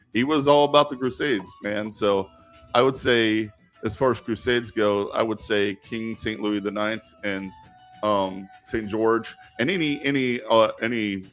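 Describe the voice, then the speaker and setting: A man's voice: lowish voice, fairly bright tone. Rambling man hosting a live Q&A. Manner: rambling, many fillers and restarts. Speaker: live stream host answering viewer questions. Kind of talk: casual live stream Q&A.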